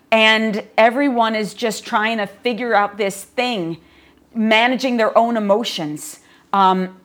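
Earnest middle-aged woman telling a story. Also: medium pitch. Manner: animated storytelling, earnest and reflective. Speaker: yoga teacher and guest. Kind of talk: podcast conversation.

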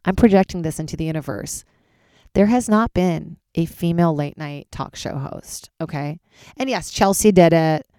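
A woman stand-up comedian hosting her own podcast, rambling and swearing in casual chat, jumping into sudden high excited voices. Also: normal speed, dry recording, studio quality.

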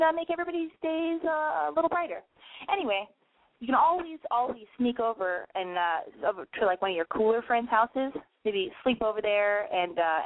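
A woman's voice: fairly high pitch, no room sound. A young woman hosting a call-in advice show, blunt, profane and rambling, sounding nasal from a cold. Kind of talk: rambling online radio rant. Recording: tinny phone-like line, dry.

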